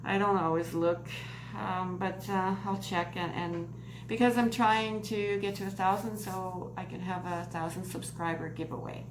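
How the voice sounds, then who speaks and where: A woman's voice: on the low side, fairly even intonation, normal speed. A woman vlogger chatting through a crochet mail unboxing, gushing and giggly. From Canada. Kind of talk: casual unboxing vlog. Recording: echoey room with noise.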